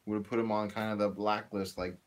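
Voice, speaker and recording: A man's voice: lowish voice, flat delivery, fast. A man co-hosting a live stream, reading out viewer comments and adding dry, laid-back remarks. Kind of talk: casual live-stream chat.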